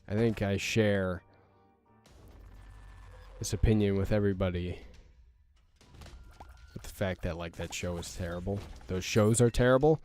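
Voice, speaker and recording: A young gaming channel host with a lowish, slightly mellow voice rants through his let's play. He rambles, sounds exasperated, stammers into restarts and swears frequently.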